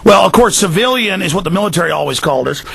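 A male talk radio host who speaks in a high, gravelly, bright-edged voice. He rattles off his points in quick, emphatic bursts. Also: lively intonation. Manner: rapid, intense, emphatic.

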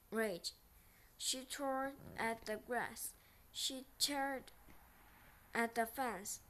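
A woman reading a children's picture book aloud, slow and halting, often restarting words. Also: sits high. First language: Korean.

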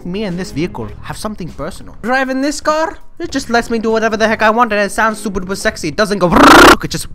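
Excitable young man over loud game music. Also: high-pitched, quick pace, few pauses. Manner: excitable, boastful, jokey, swings from mumbling to yelling. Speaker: gaming channel host. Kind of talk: gameplay commentary. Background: loud game music and car engine sounds.

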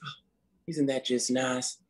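A man's voice: medium pitch, level tone, slow, natural voice. A man playing a folksy, fussy office manager on a conference call who keeps tacking "okay?" onto his sentences. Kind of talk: scripted comedy sketch on a conference call.

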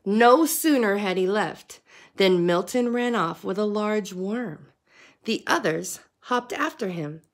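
Slow, expressive woman reading to kids. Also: mid-range voice. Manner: expressive, slow, sing-song. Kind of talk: storybook read-aloud.

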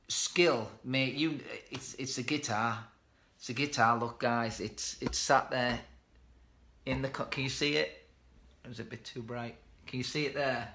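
A man's voice: medium pitch, sharp tone. A man, chatting casually on a live stream and answering viewer comments. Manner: chatty, reads out viewer comments, self-deprecating. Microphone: webcam or phone mic.

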